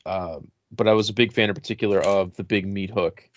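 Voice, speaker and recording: Relaxed low-voiced man chatting about toys. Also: a little fast, lo-fi sound. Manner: relaxed, rambling with many fillers. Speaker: podcast co-host. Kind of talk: casual chat about toy purchases.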